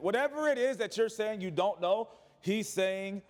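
Man, pastor, sermon, high voice, loud-to-hushed swings, long hall reverb. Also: lively intonation, normal speed.

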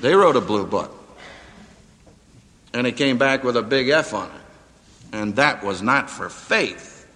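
A man preaching a sermon to a live audience, with dramatic emphasis that rises to near-shouts on quotes. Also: medium pitch, animated, slow pace, pauses often. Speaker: preacher and seminary professor. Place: auditorium before a live audience. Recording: hall reverb, radio broadcast.

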